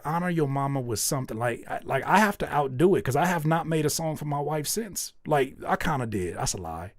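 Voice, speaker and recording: A man's voice: medium pitch, a little fast, no echo, clean studio sound. A man hosting a live music feedback stream, speaking bluntly and candidly, swearing freely and acting out little scenes. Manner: animated, acts out little scenes. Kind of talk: livestream song review commentary.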